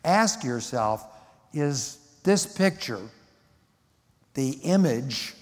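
A man preaches a Bible lecture with emphatic delivery and frequent rhetorical questions. His voice sits a little higher than most men's. A long reverb rings through the large auditorium. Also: moderate pace. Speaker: Bible teacher. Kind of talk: sermon-style Bible lecture.

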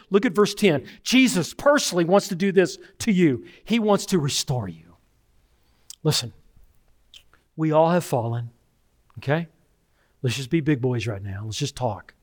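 Male pastor, sermon delivery, somewhat high voice, conversational storytelling with dramatic loud-to-soft swings. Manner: preaching with dramatic swings from loud emphasis to hushed tones; conversational, tells personal stories.

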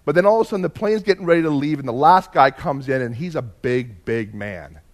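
Animated pastor, higher-pitched man. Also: a little fast. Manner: animated storyteller, swings from hushed to loud. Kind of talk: sermon with personal storytelling. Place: church.

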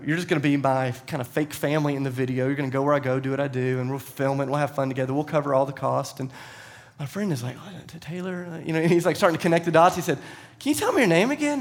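A pastor preaching a sermon, telling a story and acting out the people in it as he goes. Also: fairly high pitch. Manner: storytelling with animated quoted voices.

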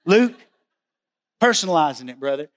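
A man's voice: fairly high pitch, big pitch swings, normal speed. A male pastor preaching a sermon in a conversational, emphatic way, often asking the listeners questions.

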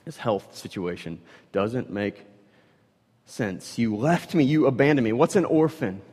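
Animated preaching man in a reverberant hall. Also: measured pace, husky. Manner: animated, swings from loud emphatic bursts to hushed low lines. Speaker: pastor. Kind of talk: sermon.

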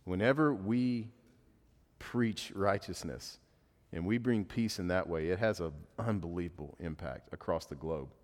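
A man's voice: deep voice, a little slow. A man in his thirties preaching a sermon to a congregation in a casual, conversational way, often acting out what people might say. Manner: conversational preaching, quotes imagined speech. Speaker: pastor. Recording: long hall reverb.

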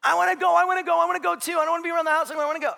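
A man's voice: very high voice, fairly even intonation, very fast, vocal fry, sharp tone, voice pushed up, full character voice. A man voicing a whiny little boy who begs over and over to be taken along. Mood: whining. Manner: pleading, repetitive whining. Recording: long reverb of a large hall.

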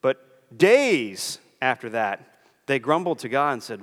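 A man's voice: medium pitch, big pitch swings, takes it slowly, fairly bright tone, long reverb tail. A man preaching a sermon in earnest, walking through scripture and briefly acting out the voices of the people he quotes. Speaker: pastor.

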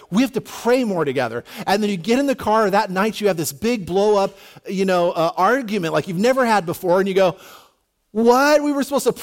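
A pastor preaching a conversational sermon to his congregation, often saying "you know" and restarting his sentences. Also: high voice. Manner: casual, repeats words and restarts, says "you know" often.

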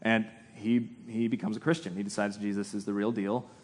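A man preaching a sermon in a relaxed, conversational way, with self-deprecating humor. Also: fairly low pitch, fairly quick. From United States. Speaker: pastor. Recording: long hall reverb.

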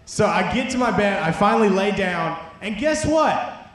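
In a very echoey room, a young preacher gives a relaxed youth sermon, animatedly telling a story full of jokes and constant "like"s. His voice sits high and he speaks at normal speed.

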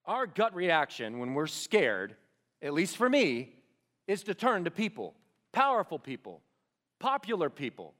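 Male preacher, slightly high voice, very lively swings, quiet emphatic drops, questions to the room. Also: a little slow. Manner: animated, drops to soft emphatic lines; asks the audience questions directly. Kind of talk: sermon.

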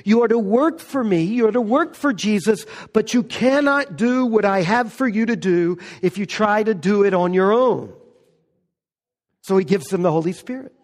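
A man preaching a sermon as pastor, stressing key words slowly and with emphasis. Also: high voice, animated, in a large hall.

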